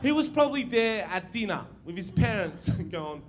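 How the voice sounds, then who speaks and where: Brash high-voiced Australian comedian. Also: male voice, sing-song, a little hiss or hum. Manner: brash, crude, storytelling with quick asides. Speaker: stand-up comedian. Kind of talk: live stand-up routine. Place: comedy venue stage.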